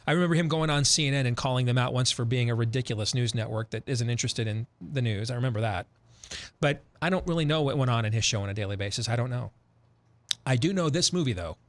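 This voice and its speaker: A man hosting a talk show, retelling a film in an emphatic, animated way with frequent repetitions. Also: medium pitch, quick pace. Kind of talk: opinionated radio talk.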